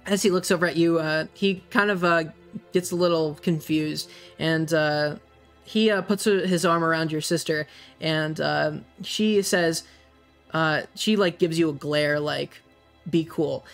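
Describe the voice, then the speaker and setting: A game master describing the scene in a hesitant, meandering way, with frequent pauses, over soft music. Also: medium pitch, steady tone. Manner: hesitant, many fillers. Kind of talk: narrating a tabletop game.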